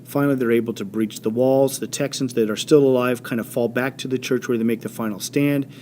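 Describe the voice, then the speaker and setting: A man teaching a history lesson in an animated storytelling way, with many fillers and quick voiced quotes. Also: medium pitch, a little hiss or hum. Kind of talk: classroom history lecture.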